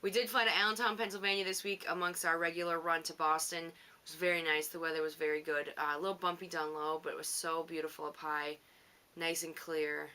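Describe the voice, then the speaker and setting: A woman with a fairly low voice that still has a bright, forward edge talks through her week as a podcast host. She rambles, teases herself and laughs easily in a loose, unscripted monologue. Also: level tone. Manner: chatty, rambling, self-teasing, quick to laugh. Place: home on the coast.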